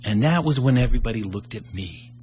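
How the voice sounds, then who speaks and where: Male storyteller, mid-pitched, animated delivery that acts out every character. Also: brisk, slight background noise. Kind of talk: live storytelling performance.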